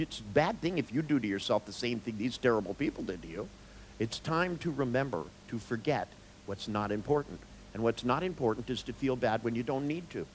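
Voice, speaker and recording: A man's voice: mid-range voice, slight background noise, poor audio. A man, a therapist, giving a live seminar talk, telling stories with jokes and blunt swearing. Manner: joking, storytelling, blunt, with swearing.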